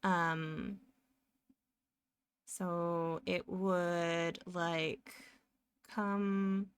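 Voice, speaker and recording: A woman's voice: fairly low pitch, level tone, drawn-out words, clear, resonant tone, no room sound. A woman live streaming as she draws, chatting casually and rambling as she narrates her work and often laughs. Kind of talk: casual chat while drawing live.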